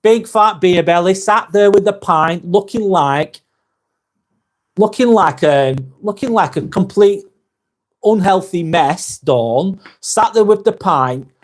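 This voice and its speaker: A man's voice: high-pitched, slow pace. A man with a Lancashire accent hosting a live vlog, reading out viewer comments in a blunt, sweary, emphatic way.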